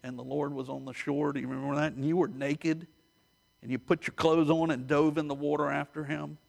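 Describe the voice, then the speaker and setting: A man preaching a sermon, retelling stories with animated, direct address to his listeners. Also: fairly high pitch, fairly quick, vocal fry.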